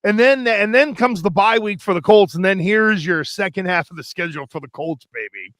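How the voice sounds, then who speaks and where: High, bright-voiced sports talk host. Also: male voice, dry recording. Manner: animated storytelling, rapid, run-on. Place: studio.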